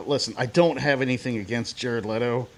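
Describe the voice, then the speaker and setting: A man's voice: medium pitch, brisk. A man co-hosting a casual podcast chat, talking in loose, rambling sentences with frequent restarts. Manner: rambling, lots of restarts and fillers. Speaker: podcast co-host.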